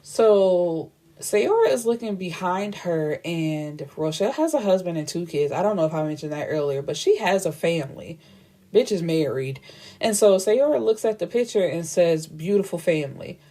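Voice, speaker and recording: A woman's voice: lowish voice, animated, moderate pace, warm tone. A woman retelling a book's plot in a casual, blunt and profane way, acting out the dialogue as she goes. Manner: blunt, profane, chatty storytelling with quoted dialogue. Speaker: book reviewer.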